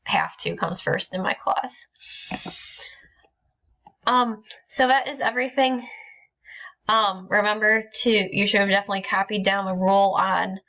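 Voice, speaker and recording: A woman's voice: medium pitch, creaky, bright, forceful tone. A woman teacher explaining grammar step by step in a recorded lesson, with frequent ums and small restarts. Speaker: Spanish teacher.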